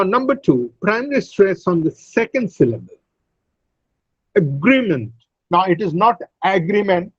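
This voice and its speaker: Slow, husky teacher. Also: male voice, sits high, a little mellow, no echo, muffled recording. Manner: explains slowly, repeats words, uses frequent fillers. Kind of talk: online English phonetics lecture. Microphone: video call.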